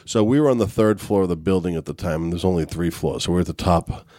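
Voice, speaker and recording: Low-voiced man telling profane stories. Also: fast, mellow, dry recording, studio quality. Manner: loose, profane anecdote telling. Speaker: podcast guest. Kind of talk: casual storytelling.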